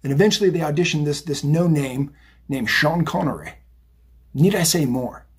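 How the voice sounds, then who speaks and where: Brief: middle-aged male tarot reader, rough breathy voice, loose chatty delivery. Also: on the high side, moderate pace. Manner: chatty, rambling, animated, says "right?" and "okay?" often. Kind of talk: casual tarot reading monologue.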